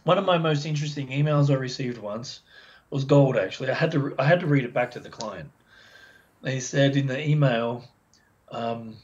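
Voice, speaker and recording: A man, a dog behaviour expert, explaining as a podcast guest in a chatty, animated way and acting out the voices of dog owners. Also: medium pitch, moderate pace. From Australia. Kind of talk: casual podcast interview. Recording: dull lo-fi sound.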